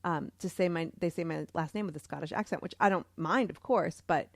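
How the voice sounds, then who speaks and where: A woman's voice: lowish voice, a little fast, dry recording, studio quality. A woman from Boston co-hosting a podcast in casual chat, chatty and laughing often. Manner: chatty, laughs often, reads stories aloud. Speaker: podcast co-host.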